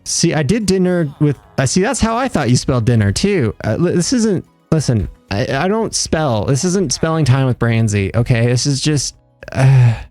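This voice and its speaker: This young livestreamer has a medium-pitched, darkish voice captured in a dry recording. He keeps up casual gameplay chat with viewers, rambling, joking, and making fun of himself.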